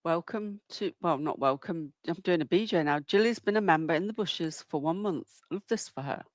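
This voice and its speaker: A man's voice: on the high side, normal speed, no room sound, clean studio sound. A man hosting a livestream, chatty, greeting viewers by name and explaining the clip he is showing. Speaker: livestream host. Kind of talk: casual livestream commentary.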